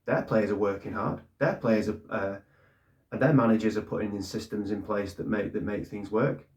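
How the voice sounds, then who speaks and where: A man's voice: fairly low pitch, moderate pace, darkish tone. A man giving blunt, ranting fan commentary on his club, swearing and repeating points for emphasis. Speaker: fan channel host.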